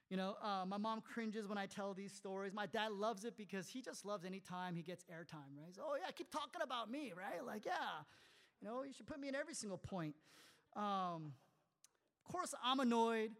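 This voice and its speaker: Pastor preaching in a reverberant hall. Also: male voice, high-pitched. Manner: conversational, animated, rhetorical questions. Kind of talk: sermon.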